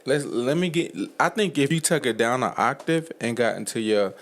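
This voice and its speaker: A man's voice: medium pitch, animated, normal speed. Joking male podcast co-host. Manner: joking, playful, beatboxes the intro. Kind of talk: casual banter.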